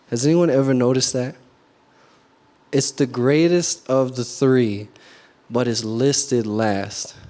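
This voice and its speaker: A man's voice: mid-range voice, a little mellow. A young man giving a short youth group sermon, earnest and casual, often asking the room questions and saying "like" a lot. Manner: casual, many "like" fillers. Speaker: youth speaker.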